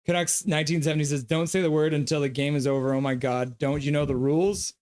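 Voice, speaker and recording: Higher-voiced man streaming a game. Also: fairly even intonation, fast, a little mellow. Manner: reads viewer comments aloud; gives loose play-by-play. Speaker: live stream host. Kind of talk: casual live game reaction and chat reading.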